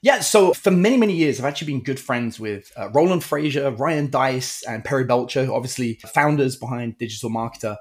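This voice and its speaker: A man's voice: medium pitch, brisk, hardly any pauses. A middle-aged man, a guest entrepreneur, telling stories in a casual interview and acting out the people he quotes. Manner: animated storyteller, acts out quotes.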